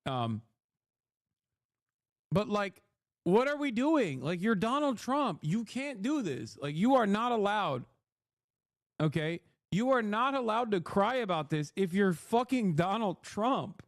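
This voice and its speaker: A high-voiced man ranting on a live stream, profane and mocking. His voice sits close and dry on the mic, with no room around it. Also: big pitch swings, takes it slowly, no room sound.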